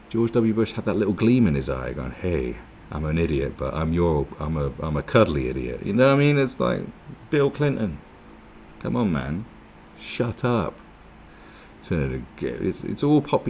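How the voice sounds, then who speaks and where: A man's voice: fairly low pitch, a little mellow, slight background noise. A man giving a casual, sweary, sarcastic commentary, reacting to an article with mocking asides. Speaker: political commentary vlogger.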